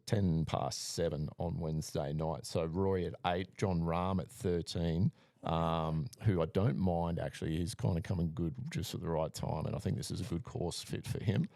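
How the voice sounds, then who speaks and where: A man co-hosting a casual podcast, running through names and betting odds in a relaxed way with frequent fillers. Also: low-pitched, moderate pace, gravelly, dry recording, studio quality. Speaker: podcast co-host giving betting picks.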